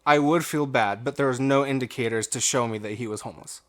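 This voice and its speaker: Talking fast in a medium-pitched, slightly bright voice, the young co-host rambles through a work anecdote on a casual podcast. He acts out the other people's lines and laughs as he goes.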